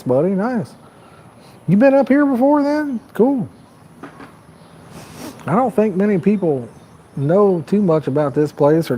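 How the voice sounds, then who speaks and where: A man hosting a fishing livestream from the edge of a park pond, talking loosely and rambling to his chat. His voice sits a little high but sounds mellow and relaxed. A faint outdoor hiss runs underneath. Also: poor audio. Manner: rambling, chatty, talks to viewers in the chat. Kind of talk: casual live-stream chat.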